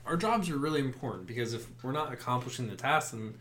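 A man's voice: mid-range voice, expressive, fast talker, fairly bright tone, slight background noise. A man guesting on a podcast who works in home building, chatting casually in a rambling way full of "like". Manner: rambling, leans heavily on "like". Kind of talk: casual chat.

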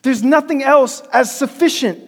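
A man's voice: very high-pitched, normal speed. A man preaching a sermon in a church, telling stories in a conversational way and calling for responses from the congregation. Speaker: pastor. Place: church sanctuary. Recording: long church-hall reverb.

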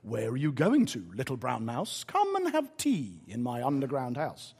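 A man reading a storybook aloud and voicing a sly male fox who speaks slowly and coaxingly. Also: mid-range voice, wildly swooping pitch, gravelly, darkish tone, slightly rough, long reverb tail, pitched below the performer's own voice, full character voice. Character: sly male fox inviting a mouse home.

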